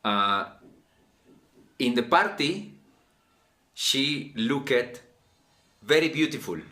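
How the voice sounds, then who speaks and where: A man playing a halting Spanish-accented learner. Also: medium pitch, expressive, pushed and bright, heavily acted. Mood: hesitant. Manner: hesitant, halting. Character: adult male Spanish-speaking learner, clumsy English.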